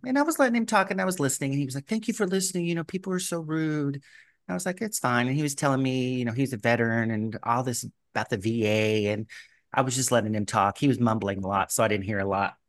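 A man's voice: mid-range voice, fast, dry recording. A man telling a long anecdote in easy, casual chat, with his voice jumping up when he acts out what others said. The recording is dry and close, with no room sound. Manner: animated, acts out quoted voices. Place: residence in a gated community.

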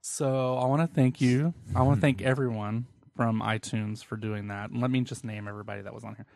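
A man's voice: mid-range voice, fairly even intonation, brisk, creaky, a little mellow, no echo. A young man co-hosting a casual podcast, playful and giggly. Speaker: podcast co-host.

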